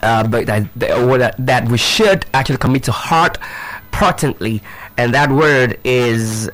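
A man's voice: mid-range voice, a bit bright. A man leading a live pronunciation drill for teachers, spelling words out letter by letter and talking to the audience with lots of fillers and repeats. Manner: drawn-out, instructive, many fillers and repeats; addresses audience directly, rhetorical questions.

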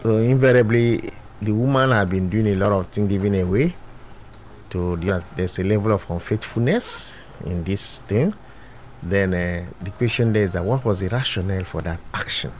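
A man's voice: fairly low pitch, a little mellow, slight background noise. A man speaking as a guest commentator on a talk show, giving firm opinions with proverbs. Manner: deliberate, sermon-like pronouncements with proverbs. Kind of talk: studio discussion.

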